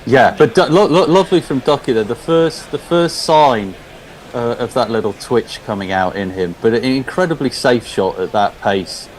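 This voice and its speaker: Male cricket co-commentator, mid pitch, rambling anecdotes, faint noise. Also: normal speed, rough recording. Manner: rambling storyteller, restarts often.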